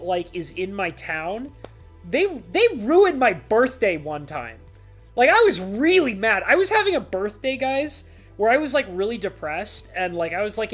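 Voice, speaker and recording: Animated rambling streamer guy. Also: high-pitched. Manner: rambling, full of "like" fillers; animated, mock-ranting. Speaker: streamer reading chat. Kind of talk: casual live-stream chat.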